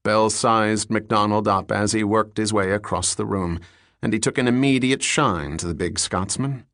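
Steady male audiobook narrator, dry sound. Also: on the low side, moderate pace, no room sound. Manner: steady, descriptive storytelling. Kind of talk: scripted novel narration.

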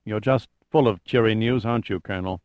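A man's voice: lowish voice, brisk, no echo, muffled recording, close to an everyday voice. A man voicing a stiff, impatient male cruise ship captain under strain.

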